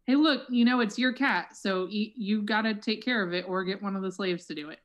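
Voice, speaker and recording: A woman plays a smug, mocking tech billionaire who brags nonstop. She puts on a South African accent over a mid-pitched voice, in an online improv show. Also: fairly quick, natural voice. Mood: boastful. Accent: put-on South African. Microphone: computer mic on a video call.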